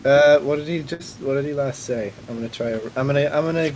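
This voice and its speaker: Man hosting a game stream, teasing, wry, mid pitch, faint hiss. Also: quick pace, a little mellow. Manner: teasing, dry joking. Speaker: stream host. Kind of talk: casual gaming chat.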